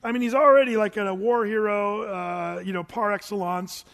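A male pastor preaching a sermon, telling the story in an animated way that swings between loud and hushed, with humorous asides. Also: high-pitched, moderate pace, gravelly, in a large hall.

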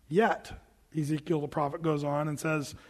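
Man, pastor, high-pitched, conversational sermon, plain-spoken asides, long reverberant room. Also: level tone, normal speed. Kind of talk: Bible-teaching sermon.

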